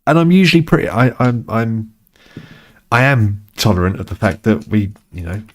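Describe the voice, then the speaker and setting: Low-voiced rambling British man. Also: big pitch swings, normal speed. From United Kingdom. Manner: rambling, swears, mock-exasperated. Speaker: streamer. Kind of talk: casual chat while gaming.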